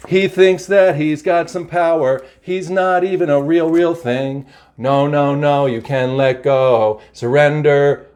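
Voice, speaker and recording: A man's voice: a little high, fairly even intonation, takes it slowly, darkish tone. A man voicing a mocking, laughing male devil who gloats and taunts.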